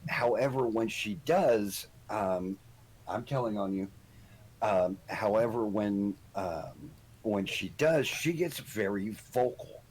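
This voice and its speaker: A man's voice: lowish voice, slow, darkish tone, slight background noise, poor audio. A middle-aged man, a guest on the show, telling a story in casual chat with lots of ums and restarts. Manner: rambling storyteller with many ums. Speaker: podcast guest.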